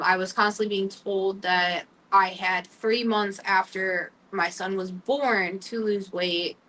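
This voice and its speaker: A young woman speaks candidly as a talk show host, sharing a personal story with halting pauses and fillers. Her voice sits at a middle pitch and comes across a little distant from the microphone. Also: fairly bright tone. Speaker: podcast host.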